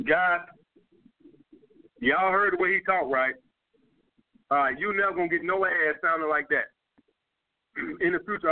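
A blunt, profane man with a New York accent hosts a call-in dating advice show. He speaks in a fairly high voice and keeps repeating his points. The sound is thin and tinny, like a phone line. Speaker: dating coach host.

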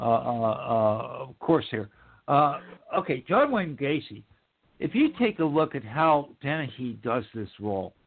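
A man's voice: medium pitch, husky. A man hosts a loose podcast chat over a tinny, phone-like line. He talks emphatically, swears freely and often stammers, repeating words as he finds his point. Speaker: podcast host. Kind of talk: casual chat.

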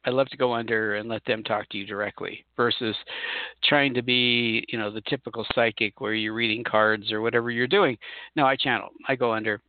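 A middle-aged man chats on his own podcast in a rambling, folksy way, often stopping to correct himself. His voice has a gravelly fry to it. The sound is dry and thin, like a phone line. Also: mid-range voice, steady tone, brisk, dry recording. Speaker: podcast host and spirit channeler. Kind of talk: casual solo podcast monologue.

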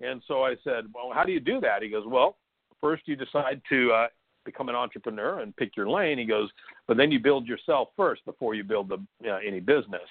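A man's voice: on the low side, dry recording, narrow, tinny audio. A middle-aged man from San Diego, a hypnosis trainer, telling stories chattily as a guest, laughing now and then, with lots of fillers. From San Diego, California. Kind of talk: conversational storytelling interview.

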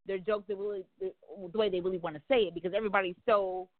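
A woman's voice: mid-range voice, fairly even intonation, racing, no echo. A woman guest talking candidly and bluntly about dating, outgoing and outspoken, cursing freely. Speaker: guest on a talk show. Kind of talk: casual candid conversation. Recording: phone-like dry narrow sound.

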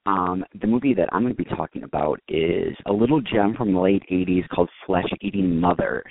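A man chatting casually as a podcast host, animated and rambling with many fillers. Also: sits low, a little fast, dry recording. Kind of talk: casual chat. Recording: tinny phone line with faint hiss.

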